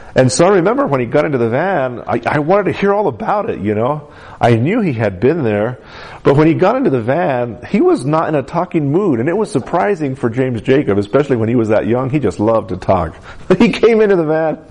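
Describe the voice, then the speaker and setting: A man's voice: medium pitch, a little mellow. A middle-aged man preaching a sermon in a conversational, storytelling way, with frequent fillers. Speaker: pastor.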